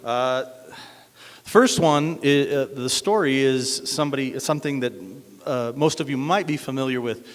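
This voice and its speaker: A man's voice: medium pitch, moderate pace. Guy telling a story at an open mic, lots of uhs, echoey room. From Denver, USA. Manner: hesitant, many uhs. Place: cafe event room. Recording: echoey hall.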